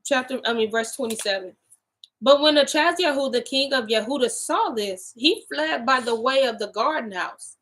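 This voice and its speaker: A woman hosting a casual Bible study, reading scripture aloud slowly with restarts and slangy asides. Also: high voice, a bit bright, rough recording.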